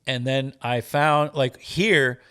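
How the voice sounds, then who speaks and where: A man's voice: medium pitch, fairly even intonation, slow, a bit bright, clear, resonant tone. A man talking as a podcast guest, telling a story in loose, casual chat with some swearing. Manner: loose, profane, acts out scenes with quoted voices.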